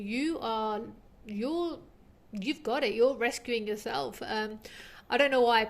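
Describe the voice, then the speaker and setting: A woman giving an intuitive tarot reading to her viewers, earnest and heartfelt, rambling with many fillers. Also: on the high side. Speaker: tarot reader.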